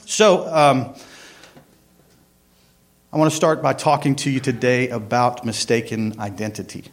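A man's voice: mid-range voice, steady tone, a little slow. A man, a church worship director giving a casual, rambling sermon with prayer and a joke, full of ums and uhs. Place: church sanctuary.

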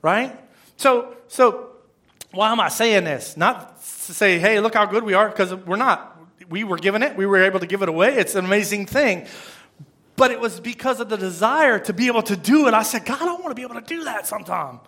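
A man's voice: high-pitched, normal speed, pushed and bright. A man, a pastor, giving a conversational sermon, rambling, repeating words and asking the congregation questions.

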